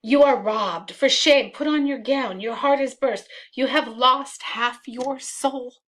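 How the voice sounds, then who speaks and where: A woman reading aloud as a scheming man, declaiming loudly and urgently. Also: medium pitch, steady tone, unhurried, close to an everyday voice. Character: scheming male schemer urging a loud alarm.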